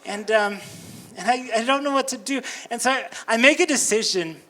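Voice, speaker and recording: Bright-voiced animated male stand-up comic. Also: normal speed. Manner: animated, jumps into high squealing voices for quoted people. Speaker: stand-up comedian. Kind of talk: stand-up storytelling.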